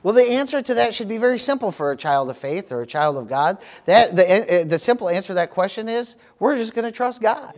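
A man's voice: high voice, animated, fairly quick, hardly any pauses. A middle-aged man from the United States preaching a sermon as pastor, peppering his talk with "praise the Lord" and "amen.".

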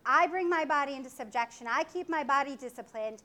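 A woman preaching a sermon in an animated way, acting out voices and laughing often. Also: high voice, brisk, few pauses.

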